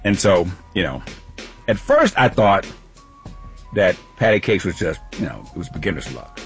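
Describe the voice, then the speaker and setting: A man's voice: low-pitched, big pitch swings, moderate pace, fairly bright tone, soft background music. A man co-hosting a radio show, telling a casual story with lots of laughs.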